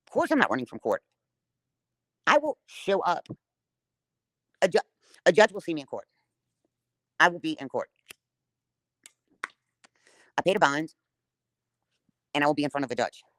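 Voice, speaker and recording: A woman's voice: low-pitched, sing-song, normal speed, long pauses, no room sound. A woman livestreaming a defiant, profane rant straight at her viewers.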